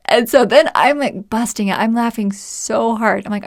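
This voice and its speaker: A woman's voice: on the high side, brisk, hardly any pauses, no echo, studio quality. A woman in her forties hosting a podcast, telling a personal story in a chatty way and often laughing. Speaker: podcast host.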